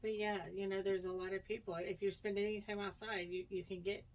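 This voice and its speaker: A matter-of-fact woman chatting as a podcast co-host at a middling pitch. She reads items off her notes, with faint noise under her voice. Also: little pitch movement, quick pace. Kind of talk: casual chat.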